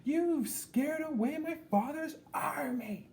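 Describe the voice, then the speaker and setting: A man's voice: extremely high pitch, slow, darkish tone, a little hiss or hum, pitched above the performer's own voice, exaggerated voice. Man putting on a huffy whispering princess. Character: angry haughty young princess.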